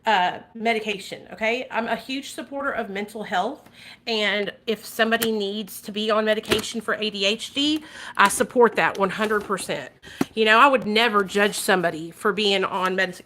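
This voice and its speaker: A woman's voice: medium pitch, bright, forceful tone. A woman vlogger talking casually and animatedly to her viewers, swearing freely and addressing them directly. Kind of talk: casual livestream commentary.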